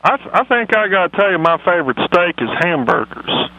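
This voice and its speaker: A man putting on a dim, rambling, folksy old football coach, talking slowly on a phone-in. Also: high voice, sing-song, no room sound, highs cut off. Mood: earnest, dim. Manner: slow, meandering, folksy drawl. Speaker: comedy phone-in character. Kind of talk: radio comedy impression.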